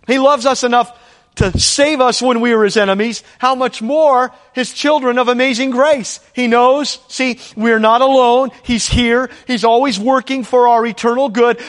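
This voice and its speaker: A man delivers a sermon in a strikingly high voice, earnest and emphatic, circling back to repeated phrases. His words ring out with the long reverb of a large hall. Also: fairly bright tone. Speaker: preacher.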